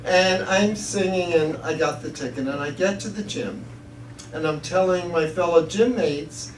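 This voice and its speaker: A man's voice: high voice, measured pace. A man giving an inspirational talk to an audience, telling chatty stories and laughing at his own jokes. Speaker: guest speaker. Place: church hall with audience. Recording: echoey hall, distant mic, faint hiss.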